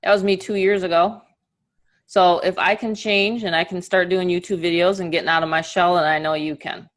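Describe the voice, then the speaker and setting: A middle-aged woman with a New York accent, giving an energetic, upbeat webinar as an online marketing coach over a video call. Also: lowish voice. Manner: energetic and upbeat, talks in quick bursts. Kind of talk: live webinar presentation.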